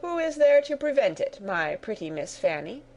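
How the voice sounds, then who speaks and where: A woman's voice: mid-range voice, expressive, a little slow, darkish tone. A woman voicing a blustering, condescending British colonel in a read-aloud story. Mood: indignant. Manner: indignant, condescending.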